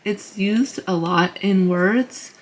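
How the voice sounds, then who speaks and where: A woman casually teaching beginners, slow and patient, repeating each sound and using many fillers. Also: mid-range voice. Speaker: language teacher. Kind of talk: casual tutorial.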